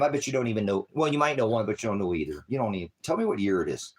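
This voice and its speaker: A man preaching in a rambling, combative rant, swearing heavily, lurching from shouted bursts to low mutters. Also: lively intonation, rapid-fire, few pauses. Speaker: independent ministry preacher. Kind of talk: profane religious rant.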